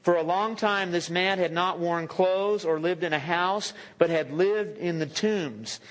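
A man's voice: sits high, unhurried, few pauses. A man preaching a sermon as pastor, speaking conversationally with joking asides and self-corrections. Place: church sanctuary. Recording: echoey church hall with long reverb.

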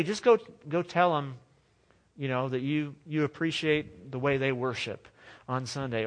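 A man preaching a sermon as pastor, earnest and conversational, often restarting his phrases. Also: fairly high pitch.

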